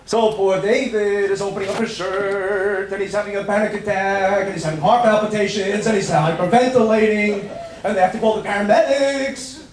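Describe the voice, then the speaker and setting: A rabbi tells a sermon story with animated delivery and breaks into bits of melody. His voice sits high. It echoes around a room with a faint ambient hum behind it. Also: normal speed. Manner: animated, sings snatches of melody.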